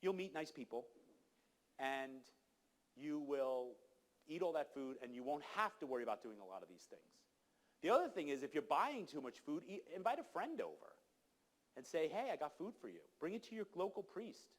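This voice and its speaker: In a conference hall, a man with a slightly high, sing-song voice speaks at a moderate pace, addressing the audience directly. His talk is emphatic and exhorting, and he acts out the people he quotes.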